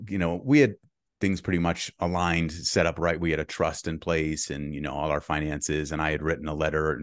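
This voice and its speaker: A middle-aged man with a very low, deep voice tells his story earnestly and reflectively, now and then breaking into a short laugh. The sound is close and dry, with no room around it. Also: no room sound. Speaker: podcast guest. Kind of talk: conversational storytelling.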